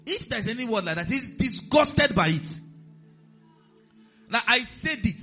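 A Nigerian man preaching a sermon in a church, animated, acting out characters and rising to shouts. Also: very high voice, measured pace, long pauses, husky. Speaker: pastor. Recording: dull lo-fi sound, faint music behind.

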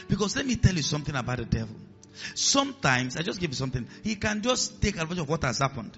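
A man's voice: fairly high pitch, very animated, fast talker, pushed and bright, highs cut off, soft background music. A man preaching a sermon as pastor, acting out voices in his stories and dropping to a hiss for commands. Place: church hall with a congregation.

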